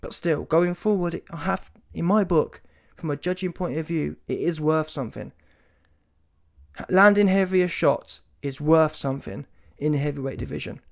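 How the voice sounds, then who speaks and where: Guy ranting about boxing, slangy and swearing, gets loud and mocking, kinda high voice. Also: normal speed, creaky. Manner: animated, emphatic, rises to mocking shouts; casual street slang, swears. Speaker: boxing commentator and YouTuber. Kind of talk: ranting reaction commentary.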